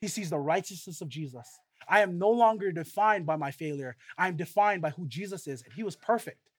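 A pastor preaches a sermon in a brisk, husky voice, earnest and full of rhetorical questions. He swings between loud, emphatic stretches and quiet, low passages.

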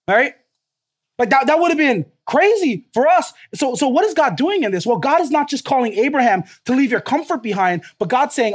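A man with a notably high voice delivers a sermon as a pastor. He preaches emphatically and keeps putting rhetorical questions to the congregation. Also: animated, fairly quick.

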